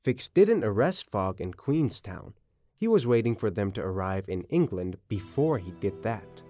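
Lively male storyteller. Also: on the low side, a little slow, dry recording. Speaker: narrator. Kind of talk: scripted narration.

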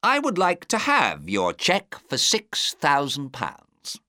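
A man reads as a clever detective whose speech is measured and coldly polite. The voice sits well above the reader's low narrating tone and swings freely in pitch. It is bright and dry, recorded close up. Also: huge pitch swings, dry recording, exaggerated voice. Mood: cool, assured.

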